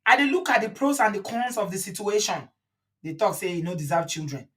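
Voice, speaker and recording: A woman's voice: medium pitch, expressive, fairly quick. Scolding Nigerian woman host. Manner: scolding, switches into Nigerian Pidgin. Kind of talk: live-stream talk show commentary.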